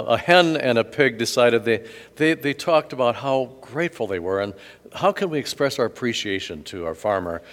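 A male pastor preaching a sermon in a church, telling stories conversationally with asides and animated emphasis. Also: mid-range voice. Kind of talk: sermon with gospel reading. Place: church sanctuary. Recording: long reverb of a large hall.

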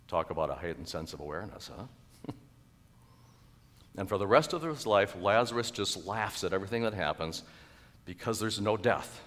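A male pastor preaching a sermon in a church, animated and chuckling, with sudden loud exclaimed quotes. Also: deep voice, normal speed, long pauses, long reverb tail. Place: church sanctuary.

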